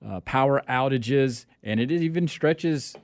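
A man's voice: medium pitch, measured pace, no room sound. A man co-hosting a sports talk radio show, adding brief agreeable remarks. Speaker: radio co-host.

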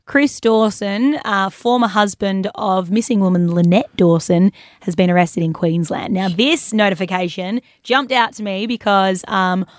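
A woman's voice: mid-range voice, measured pace, dry recording, studio quality. Playful woman radio co-host. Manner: playful, jokey, trying out silly voices. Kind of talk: casual radio banter.

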